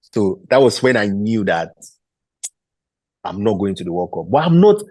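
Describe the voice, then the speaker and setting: A man in his thirties, a former footballer and interview guest, telling a story and acting out the quoted dialogue in an animated way. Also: fairly low pitch, normal speed, no room sound.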